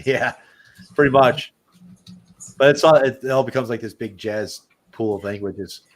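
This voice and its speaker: A man's voice: medium pitch, moderate pace. A man with a Midwestern American accent chatting casually as a podcast host, rambling, swearing and saying "dude". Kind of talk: casual chat.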